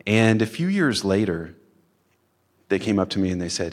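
Man, low voice, casual storyteller, chatty, lots of "like" fillers. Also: very animated, normal speed, long pauses. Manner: casual, chatty, many "like" fillers, acts out quotes. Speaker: storyteller, father of three boys. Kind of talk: personal story told live on stage.

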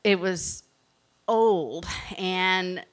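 A woman from Alabama with a Southern accent, telling a personal story in an animated, chatty way. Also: on the low side, drawn-out words. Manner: animated, chatty, often laughing.

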